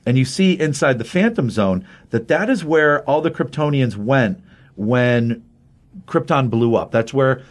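A man's voice: mid-range voice, expressive, a little slow. Enthusiastic man recapping comics. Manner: enthusiastic, rambling with fillers and restarts. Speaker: comic book podcast co-host. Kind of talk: casual chat, recapping a comic.

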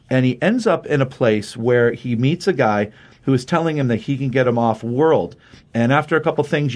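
A man in casual podcast chat, recapping a comic book with lively energy. He keeps slipping into quick put-on voices for the characters, pushing his pitch up for each quoted line. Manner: acts out characters' lines with raised pitch.

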